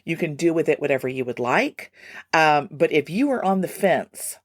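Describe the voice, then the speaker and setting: A woman hosting a solo music podcast, chatty and animated with self-deprecating asides. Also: sits low, normal speed, no room sound. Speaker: podcast host. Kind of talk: casual solo podcast talk.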